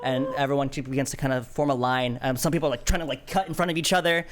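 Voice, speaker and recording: A man's voice: medium pitch, steady tone, rapid-fire, noisy background. A young man narrating as game master of a tabletop game, casual and rambling with many restarts.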